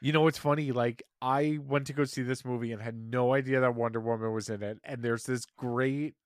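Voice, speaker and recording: A man on a podcast panel in casual chat, telling stories in a relaxed, jokey way. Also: medium pitch, a little fast, no room sound, studio quality.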